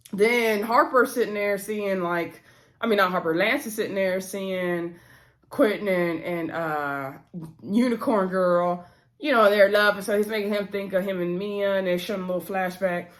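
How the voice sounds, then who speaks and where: At a moderate pace, a woman with a mid-range, somewhat bright voice chats casually in a TV episode review. A bit runny-nosed, she calls viewers y'all and acts out the characters' lines as she recounts the story.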